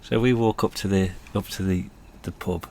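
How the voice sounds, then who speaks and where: Deep gravelly man telling stories. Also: steady tone, normal speed, mellow, slight background noise. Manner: rambling, chuckling, self-deprecating. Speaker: podcast host. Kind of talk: casual storytelling monologue.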